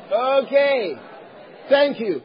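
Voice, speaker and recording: A man from Nigeria preaching a sermon as pastor, animated, drawing responses from the congregation and rising to loud emphatic shouts. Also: very high-pitched, extremely slow, dull audio, some chatter behind, slight background noise.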